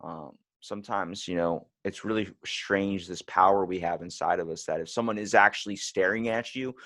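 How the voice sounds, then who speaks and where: Podcast host, male, lowish voice, animated casual storyteller, dry close mic. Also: normal speed, dry recording. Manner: animated storyteller, swears freely. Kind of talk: casual chat.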